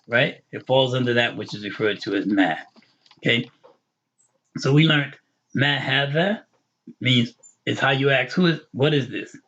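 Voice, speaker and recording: Husky male Arabic teacher, patient. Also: mid-range voice, a bit bright, muffled recording. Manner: patient, repetitive explaining with quick English glosses. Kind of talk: recorded online grammar lesson.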